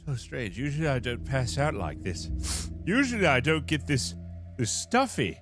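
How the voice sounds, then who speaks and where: A man's voice: mid-range voice, moderate pace, music in the background. A man live-streaming a role-play as a ship captain, talking theatrically and calling out for help. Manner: animated, theatrical, shouting for help.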